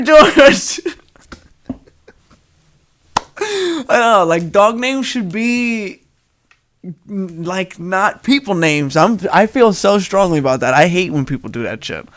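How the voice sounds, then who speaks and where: Young man, nasal, slightly high voice, casual podcast host, rambling, jokey. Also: a bit bright. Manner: rambling, joking, laughs often. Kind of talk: casual solo podcast chat.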